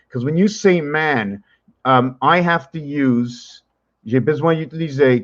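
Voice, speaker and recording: A man rambling to a camera in a mystical, musing way, mixing French and English. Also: fairly high pitch. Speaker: vlogger. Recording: dull lo-fi recording.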